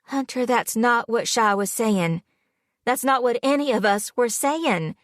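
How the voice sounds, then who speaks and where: A woman's voice: a little high, unhurried, no room sound, clean studio sound, voice pushed up, natural voice. A woman voicing a shaky, hurt young fiancée. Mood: hurt, pleading. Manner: shaky, emotional, pleading. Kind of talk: audiobook character voice.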